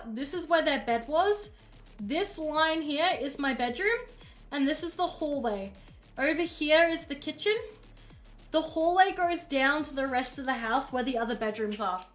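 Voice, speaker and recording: A woman's voice: high voice, a bit bright. A woman streamer telling a story casually, rambling along with plenty of fillers while she paints at home.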